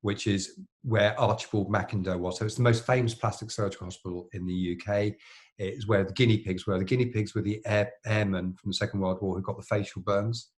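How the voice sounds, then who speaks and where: A man's voice: on the low side, steady tone, fairly quick. A middle-aged man, a plastic surgeon co-hosting a podcast, telling long anecdotes in casual chat with lots of fillers and restarts.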